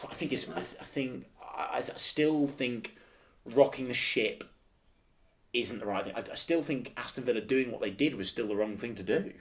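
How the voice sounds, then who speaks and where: A man's voice: mid-range voice, moderate pace. A man co-hosting a podcast, talking football in a casual, passionate and defensive way, repeating phrases for emphasis. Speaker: podcast co-host.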